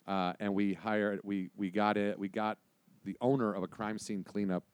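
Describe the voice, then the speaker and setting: A man tells a story in relaxed chat and acts out the different voices as he goes. His voice sits fairly low. The sound is dry and close to the mic. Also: normal speed, clear, resonant tone, no echo. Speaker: guest telling a story.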